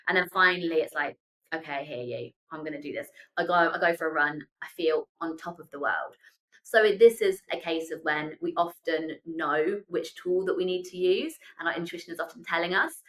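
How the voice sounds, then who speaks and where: Bright-toned woman, expressive guest. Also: deep voice, rough recording. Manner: expressive, animated storytelling. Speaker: astrologer guest. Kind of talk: casual conversation.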